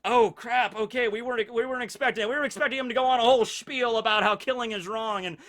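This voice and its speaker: A man's voice: extremely high pitch, fairly even intonation, fast talker, fairly bright tone, pitched above the performer's own voice. A man voicing a flustered woman mentor who has been caught off guard, in a lightly raised voice.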